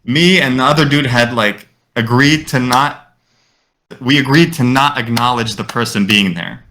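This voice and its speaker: A man on a casual podcast, spinning a story with lively energy. His voice is bright and forward, and he swears freely and drops Arabic phrases between English lines. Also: mid-range voice, moderate pace. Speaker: podcast co-host.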